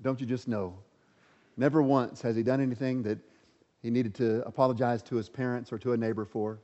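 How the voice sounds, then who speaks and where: A man's voice: mid-range voice, fairly even intonation, fairly quick, warm tone. A man preaching a sermon, reading scripture aloud and repeating lines with rising emphasis, in a large hall. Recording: muffled sound with long hall reverb.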